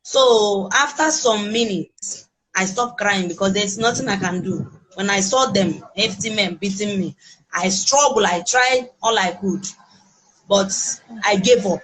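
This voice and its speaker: A woman with a Nigerian accent giving personal testimony as an interviewee, talking in a halting, emotional way with many restarts. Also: mid-range voice, a bit bright, slightly rough, poor audio. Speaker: interviewee recounting a kidnapping.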